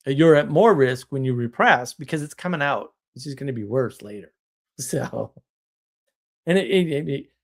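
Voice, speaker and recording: Hosting a live stream, a man delivers a casual, rambling monologue full of restarts and chuckles, blunt and wry in tone. His medium-pitched voice is animated and moves at normal speed.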